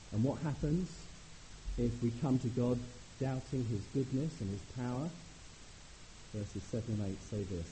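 A man preaching a sermon in an earnest manner, at times rising to animated emphasis. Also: lowish voice, a little hiss or hum, rough recording.

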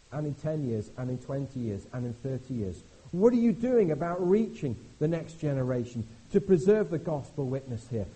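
This is a middle-aged man delivering a sermon in a chatty, animated way. His voice is husky and mellow, and it sits a little high for a man. He keeps jumping from quiet, confiding asides to loud exclamations. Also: poor audio. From Britain. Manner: animated, conversational, jumps between hushed and exclaiming. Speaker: visiting preacher.

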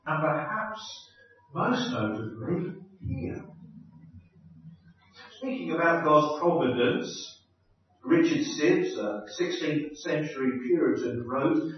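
A high-pitched man preaching with a lively, swooping delivery, leaning on each key phrase and repeating it. He is heard from a distance in a very echoey church hall, and the sound is dull and muffled. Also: takes it slowly, pauses often, slight background noise. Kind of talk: expository sermon.

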